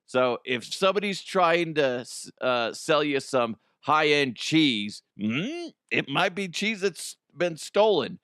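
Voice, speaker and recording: A man's voice: fairly high pitch, very animated, takes it slowly, few pauses, a bit bright, no echo, clean studio sound. A man hosting a comedy news show, reacting with swearing and laughter. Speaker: host.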